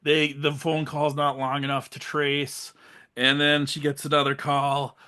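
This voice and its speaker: A man's voice: a little high, monotone, measured pace, sharp tone, smooth. A man co-hosting a podcast, casually recapping a horror film and acting out its lines in funny voices. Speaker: podcast co-host.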